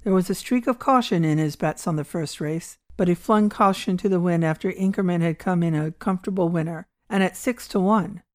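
A woman reading a short story aloud in a measured, even storytelling manner. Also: lowish voice, dry recording, studio quality. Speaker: audiobook reader. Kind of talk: storytelling narration.

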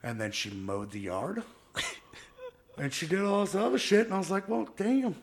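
A man in his thirties, a podcast co-host telling a story in casual chat, animated and laughing, acting out quotes loudly. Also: a little high, normal speed. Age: 30s.

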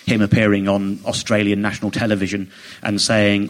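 A man's voice: on the low side, a little fast, hardly any pauses. Indignant man telling a story. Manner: animated, indignant, quotes others in mock voices. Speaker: comedian guest. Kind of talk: casual chat, storytelling.

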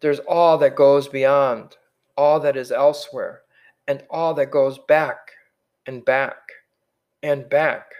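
A man reading the part of a weary old man who carries heavy memories, speaking slowly with sighs. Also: mid-range voice, fairly even intonation, highs cut off, close to an everyday voice. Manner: slow, weighted, sighing. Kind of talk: audiobook character reading.

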